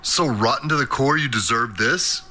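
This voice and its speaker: A man's voice: mid-range voice, moderate pace, pushed and bright, slight background noise. A man voicing a volatile, desperate businessman passenger who swears and rants. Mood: angry.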